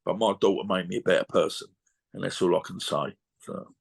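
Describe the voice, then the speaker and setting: A man's voice: low-pitched, steady tone, a little fast, vocal fry, husky. Bloke in his 50s on a video call, blunt, sweary, rambles on. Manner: blunt, rambling, swears freely, repeats "you know what I mean". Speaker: boxer interviewee. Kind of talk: emotional casual interview.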